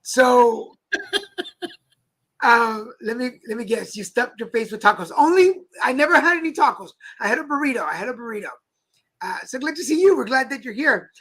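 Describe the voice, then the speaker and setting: On this live stream with faint background noise and poor audio, a man from Mexico co-hosts a talk show, trading playful stories in casual chat and laughing frequently. His pitch is extremely high, his intonation lively, his tone fairly bright, and his pace normal.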